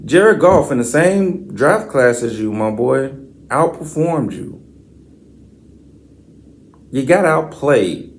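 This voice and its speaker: Man, sports podcast host, slow delivery, profane slangy rant, stat-reading. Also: mid-range voice, slight background noise. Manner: profane, slangy, exasperated trash talk; reads stat lines in a flat list.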